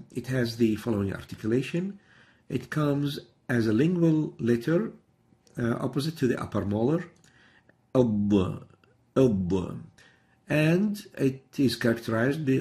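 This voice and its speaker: Gravelly-voiced man teaching pronunciation. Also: medium pitch, darkish tone. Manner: methodical, demonstrates each sound by repeating example words. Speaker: Quran recitation teacher. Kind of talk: instructional lesson.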